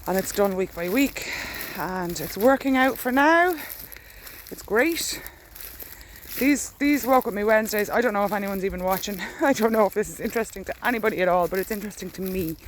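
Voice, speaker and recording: A woman's voice: mid-range voice, expressive, fairly quick, slight background noise. An Irish woman rambling candidly in a casual diary vlog while walking outdoors, recorded on a phone. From Ireland. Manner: chatty, candid, walks while talking. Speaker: dog walker vlogging. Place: outdoors in a rural field.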